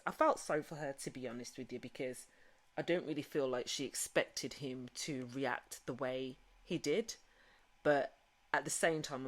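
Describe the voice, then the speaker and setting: A woman recapping a reality show in a chatty, casual way, full of "you know" fillers. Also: a bass voice. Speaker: recap vlogger. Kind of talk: casual recap with retold quotes.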